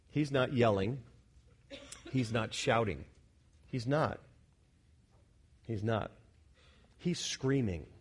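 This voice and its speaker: A man preaching an expository sermon, talking with the congregation, asking them questions and correcting himself, who drops to quiet asides and then rises to loud, shouting emphasis. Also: medium pitch, husky. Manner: conversational, asks the congregation questions, self-correcting. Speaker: pastor.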